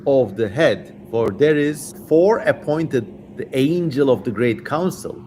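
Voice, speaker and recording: A man's voice: medium pitch, expressive, slow, dark tone, slight background noise. Brief: male dragon demon, three heads, menacing, man reads it, big swings in volume.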